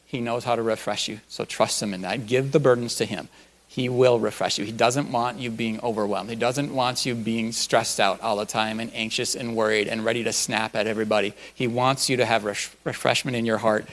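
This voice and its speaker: A man's voice: medium pitch, fairly even intonation, moderate pace, fairly bright tone. A male pastor giving a conversational sermon at a church, folksy and loose, with frequent ums and uhs.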